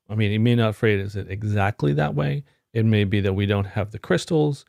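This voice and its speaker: Gravelly low-voiced man, casual tech vlog. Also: normal speed, hardly any pauses, darkish tone, no room sound, studio quality. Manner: wry, rambling storyteller. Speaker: IT career vlogger. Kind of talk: casual explanatory talk to camera.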